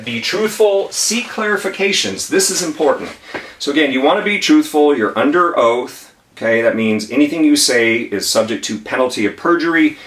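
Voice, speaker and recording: A man teaches legal tips at a whiteboard, talking in a casual, emphatic way and repeating his key points. His voice sits at an ordinary middle pitch. It is picked up from some distance away in a roomy, echoing room. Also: fairly bright tone. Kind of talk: whiteboard lesson. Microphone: camera mic at a distance.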